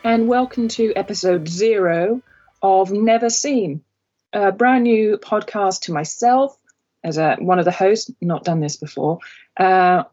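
A woman hosting a podcast in casual chat, chatty and a little nervous, often pausing on fillers. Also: mid-range voice, darkish tone, muffled recording. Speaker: podcast host.

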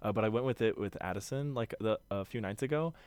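A man's voice: fairly low pitch, quick pace, darkish tone, clear, resonant tone. A young man co-hosting a casual podcast, rambling and enthusiastic, swearing as he talks. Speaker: podcast co-host. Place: Utah.

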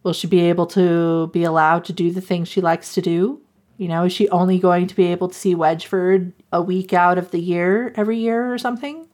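A woman's voice: fairly low pitch, brisk. A woman casually retelling a romance novel's plot, laughing often and acting out the characters' lines. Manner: animated, laughs often, acts out quotes. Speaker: podcast host recapping a book. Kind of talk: casual chat.

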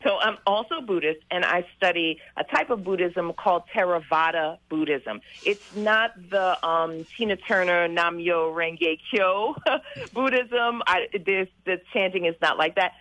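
A woman's voice: on the low side, moderate pace, hardly any pauses, fairly bright tone, rough recording. A woman who runs a meditation retreat, a guest on a radio talk show, speaking in an upbeat, chatty way and laughing often. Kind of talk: casual radio interview. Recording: dry radio broadcast.

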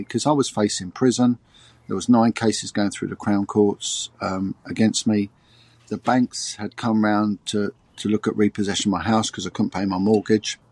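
A middle-aged man, a former detective telling a personal story in an interview, halting and repeating his words. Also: fairly low pitch, steady tone, darkish tone, dry recording. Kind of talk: emotional personal testimony.

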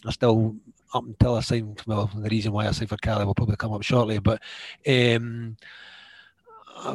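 Scottish ex footballer guy, a bit husky, does the voices when he tells a story, dry sound. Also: lowish voice, no echo. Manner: animated, acts out quoted dialogue, laughs often. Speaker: former footballer, guest. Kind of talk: storytelling anecdotes in conversation.

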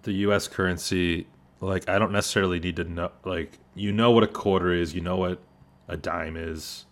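A man's voice: deep voice, fairly even intonation, normal speed. A man hosting a podcast, chatting loosely and jokingly with lots of filler words. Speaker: podcast host. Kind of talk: casual chat.

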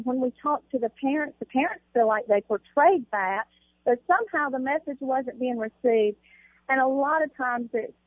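A woman's voice: fairly high pitch, dry recording. Southern woman on a tinny phone line. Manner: calm, gentle. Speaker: podcast guest, pastor's wife. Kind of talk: interview answers.

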